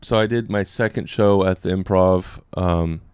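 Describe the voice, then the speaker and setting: A man's voice: fairly even intonation, moderate pace, a little mellow, clean tone, no room sound, clean studio sound. A young adult man, a guest comedian, tells a story in casual chat, rambling with fillers and acting out quotes. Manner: rambling, many fillers, acts out quotes in a higher voice.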